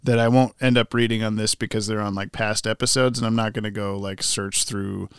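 A man's voice: lowish voice, fairly even intonation, fairly quick, clean tone, no room sound, clean studio sound. A man co-hosting a podcast in casual chat, joking and laughing often as he trails into asides. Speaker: podcast co-host.

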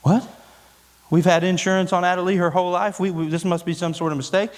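In a church sanctuary, a pastor preaches his sermon in a folksy, conversational way that builds to emphatic peaks. His voice is high and flat in delivery, moving fast, with a big-room sound.

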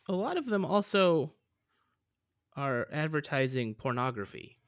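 A man's voice: a little high, very animated, measured pace, no echo, clean studio sound. A man hosting a comedy podcast who questions his guest in an incredulous, exasperated way. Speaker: podcast host. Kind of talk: improvised comedy podcast sketch.

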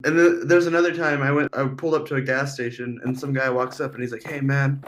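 A man's voice: mid-range voice, level tone, fast, fairly bright tone, a little hiss or hum. A man on a podcast telling blunt, profane stories in casual chat.

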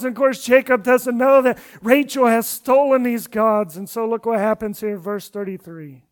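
Pastor type, high male voice, sermon delivery that acts out the scripture voices and fades at the ends of lines. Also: steady tone, normal speed, few pauses. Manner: retells scripture with dramatic voices, dropping to a quiet, low finish. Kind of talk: expository sermon.

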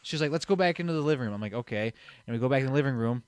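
A man's voice: mid-range voice, animated, very fast, clean tone, dry recording, clean studio sound. A young man casually telling a long story, rambling with fillers and restarts and acting out what people said. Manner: rambling, many fillers and restarts, acts out quotes. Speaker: storyteller guest.

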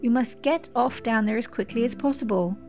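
A woman's voice: a little high, brisk, music in the background, natural voice. Woman doing a snappish old lawyer. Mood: knowing. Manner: snappish, brusque, clipped. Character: curt impatient old male lawyer.

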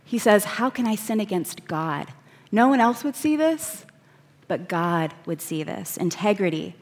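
A woman delivering a sermon at an unhurried pace, her voice at a middle pitch. She reads scripture aloud and slows right down on the words she wants to stress. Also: lively intonation. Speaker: preacher.

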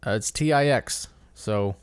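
A man's voice: fairly low pitch, unhurried, clear, resonant tone, dry recording. A man hosting a casual solo commentary episode, rambling and correcting himself as he stumbles over names. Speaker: podcast host.

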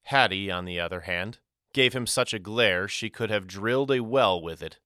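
A man's voice: lowish voice, moderate pace, bright, forceful tone, no echo. A man narrating a story in the first person with dramatic delivery, recorded close in a studio. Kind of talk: audiobook narration.

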